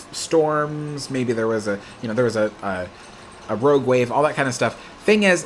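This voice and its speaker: A man's voice: mid-range voice, a little hiss or hum. Man chatting animatedly on a live stream. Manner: animated anecdote telling. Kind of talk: casual live-stream chat.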